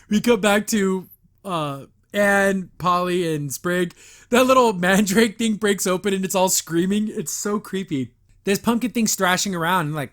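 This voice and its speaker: A male podcast host giving a casual, chatty cartoon review with a high-pitched voice. He laughs often and slips into the characters' lines as he retells the scenes. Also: moderate pace, fairly bright tone.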